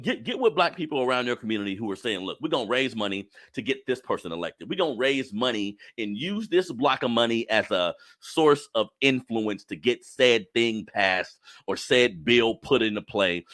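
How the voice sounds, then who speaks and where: A man's voice: medium pitch, sing-song, brisk, few pauses, fairly bright tone. A man hosting a podcast, talking bluntly and profanely in an impassioned monologue, calling his listeners family. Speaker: podcast host.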